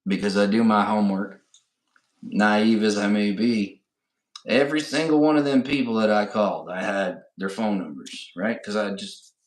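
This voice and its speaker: A middle-aged man with a slightly low voice tells a loose, conversational story as a podcast co-host. He keeps tossing in "right?" and "you know" as he goes, and the recording has a noticeable roomy echo. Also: fairly even intonation, normal speed. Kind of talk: casual storytelling chat.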